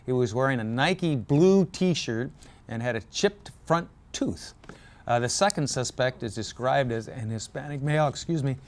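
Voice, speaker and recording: A man's voice: medium pitch, normal speed. Man hosting a local news show. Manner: relaxed, joking, with fillers and self-corrections. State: losing his voice. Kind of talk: community news reading.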